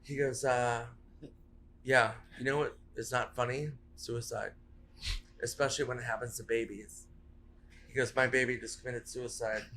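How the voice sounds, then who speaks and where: A man's voice: medium pitch, little pitch movement, normal speed, long pauses, sharp tone, a little hiss or hum. A man, a comedian guest on a podcast, rambling through comic stories, swearing and laughing at his own punchlines. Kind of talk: casual podcast chat.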